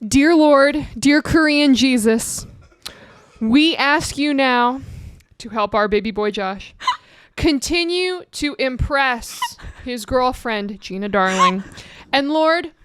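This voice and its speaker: A woman's voice: sits high, lively intonation, takes it slowly, clean tone. A woman co-hosting a podcast, chiming in with jokes in a mock-preacher manner. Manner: joking, mock-preacher interjections. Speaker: podcast co-host. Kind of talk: casual chat.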